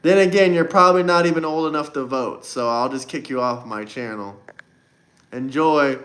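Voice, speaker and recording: A man's voice: mid-range voice, moderate pace, a bit bright. A man hosting a political livestream, talking combatively and boastfully, often repeating a phrase for emphasis. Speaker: livestream host. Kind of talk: political livestream debate talk.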